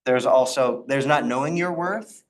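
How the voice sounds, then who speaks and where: A man's voice: mid-range voice, moderate pace, a little hiss or hum. Man teaching a casual Torah class. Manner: conversational, with frequent restarts and acted-out quotes. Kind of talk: informal Torah study talk.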